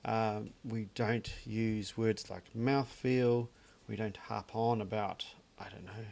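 A man's voice: lowish voice, fairly even intonation, slow, vocal fry, a little mellow. A man co-hosting a casual podcast about gin, talking in a dry, joking way with plenty of fillers. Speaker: podcast co-host. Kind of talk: casual chat.

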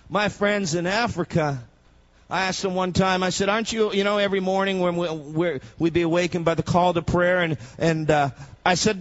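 A man preaching a sermon, moving between quiet storytelling and loud shouted proclamation. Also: on the high side, moderate pace, dry recording, dull audio.

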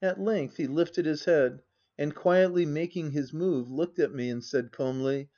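Male audiobook narrator, slightly high voice, measured reading, lo-fi dull recording. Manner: even, measured first-person reading. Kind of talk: classic novel narration.

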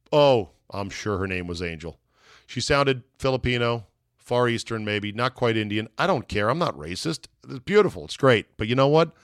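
A man's voice: on the low side, fairly bright tone, no room sound, studio quality. A man hosting his own podcast, telling an exasperated, profane story in a comic rant. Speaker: podcast host. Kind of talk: solo comedic rant.

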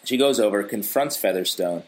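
A man with a fairly low voice, talking in a loose, easygoing way as he recaps a TV episode. He keeps slipping into goofy riffs while he chats with a co-host. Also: expressive, moderate pace. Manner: joking, easygoing, drifts into silly riffs. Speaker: podcast co-host. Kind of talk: casual TV recap chat.

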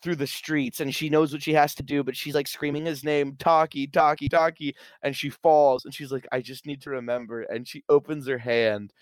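A man talks excitedly about a film, retelling scene after scene and slipping into little acted-out quotes. His voice is smooth and resonant, at a middle pitch. The sound is dry and close, with no room echo. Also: fairly quick, hardly any pauses. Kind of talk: casual film discussion.

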